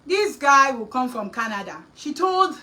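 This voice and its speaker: A woman host with a Nigerian accent telling a story in a lively, scolding chat, slipping into Pidgin and Yoruba. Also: high-pitched, unhurried, far from the mic, poor audio. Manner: animated, mixing Pidgin and Yoruba, scolding asides.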